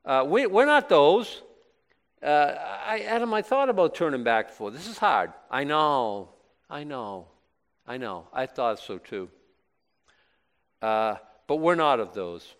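A man delivers a sermon in a relaxed, conversational way. He asks questions and answers them himself, often breaking into emphatic bursts before dropping back to a softer tone. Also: on the high side, takes it slowly. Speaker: pastor.

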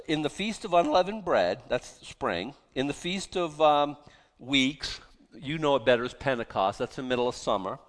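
A man preaching a sermon, emphatic and sarcastic, firing rhetorical questions at the congregation. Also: medium pitch. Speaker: pastor.

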